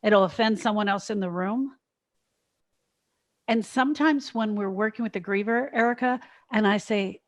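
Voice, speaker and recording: A woman's voice: mid-range voice, unhurried. A middle-aged woman co-hosting a podcast, talking in a reflective way and thinking aloud in casual conversation. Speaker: podcast co-host, grief specialist.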